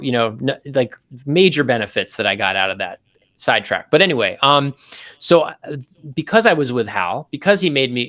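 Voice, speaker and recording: Male interview guest, mid-pitched, animated anecdotal storyteller, patient explainer. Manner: explains technical ideas step by step. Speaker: guest saxophonist.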